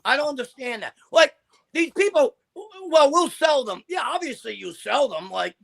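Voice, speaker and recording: A man's voice: very high voice, moderate pace, vocal fry. A man, a guest in a casual podcast chat, rambling and filling his talk with "you know.". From American of Italian family. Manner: rambling, animated, heavy "you know" filler.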